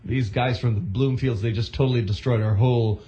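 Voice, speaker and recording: A man's voice: mid-range voice, steady tone, brisk, warm tone, lo-fi sound. A man hosting a radio show, rambling casually with many restarts.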